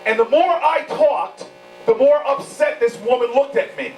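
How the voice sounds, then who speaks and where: Captured in an echoey, distant room with a hum and slight background noise, a man with a very high-pitched yet darkish voice addresses supporters at normal speed. He's a candidate at an indoor campaign event, telling stories with fervent, repeated rhetorical lines.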